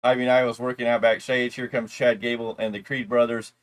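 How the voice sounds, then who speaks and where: Male co-host for a wrestling recap, mid-pitched, chatty and rambling, drops into mocking asides. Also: level tone, a little fast. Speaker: wrestling show reviewer, co-host. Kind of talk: casual recap and commentary.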